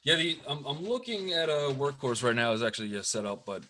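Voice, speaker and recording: A man, a day trader, talking in an easygoing, halting way and often repeating his words. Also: medium pitch, fairly bright tone, a little hiss or hum. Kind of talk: casual chat.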